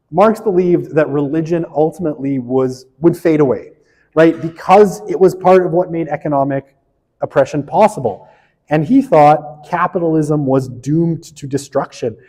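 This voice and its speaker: A man's voice: fairly high pitch, a little mellow, big-room sound, rough recording. A man giving a casual university sociology lecture, chatty and self-deprecating, often checking in with "right?". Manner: chatty, frequent "right?" tag questions, self-deprecating asides.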